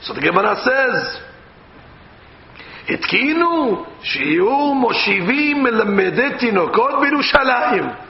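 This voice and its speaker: A rabbi, telling a lively story in a Torah lesson and acting out the voices of the people in it. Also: male voice, very high voice, slow pace. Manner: animated storyteller acting out dialogue. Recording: echoey, dull room recording with faint noise.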